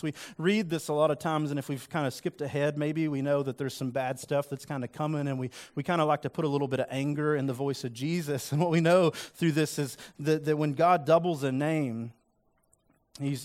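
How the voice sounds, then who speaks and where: A man's voice: a little high, fairly even intonation, normal speed, a little mellow. A man preaching a sermon in a conversational, earnest way, acting out quoted lines with rising emphasis. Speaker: pastor.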